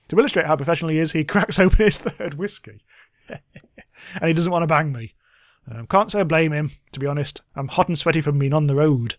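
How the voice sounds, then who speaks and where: A man's voice: a little high, fast talker, dry recording, faint music behind. A man giving casual, chatty gameplay commentary, reading game text aloud and laughing often. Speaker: let's play host.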